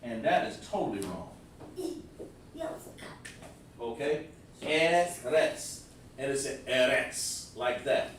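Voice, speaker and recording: A man's voice: mid-range voice, sing-song, fairly quick, a little hiss or hum. A man teaching a scripture class. He explains the meaning of words step by step and talks directly to the people listening. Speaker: religious teacher. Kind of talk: live-streamed scripture class. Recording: very echoey room, far from the mic.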